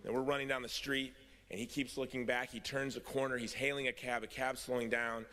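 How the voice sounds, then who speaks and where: A man's voice: mid-range voice, a little fast. Man telling stories in an echoing hall. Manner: self-mocking humor, animated storytelling. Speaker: convention speaker. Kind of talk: storytelling speech. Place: convention hall. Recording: long reverb of a hall.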